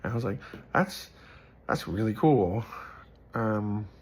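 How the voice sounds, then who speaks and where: A man's voice: fairly low pitch, expressive, takes it slowly, slightly rough. A man giving a casual Bible teaching, earnest and rambling, telling personal stories and repeating phrases for emphasis.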